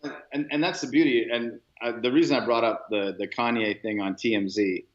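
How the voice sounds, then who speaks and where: A man's voice: medium pitch, steady tone, a little fast. A man co-hosting a podcast in casual chat, rambling along with many fillers and restarts. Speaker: podcast co-host. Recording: roomy, dull lo-fi sound.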